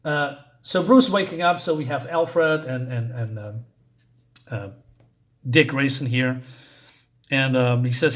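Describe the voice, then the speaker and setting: A man casually reviewing a comic book, rambling and hesitant with lots of fillers. He chuckles now and then between points, and his voice sits at a middle pitch. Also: unhurried, long pauses, a bit bright.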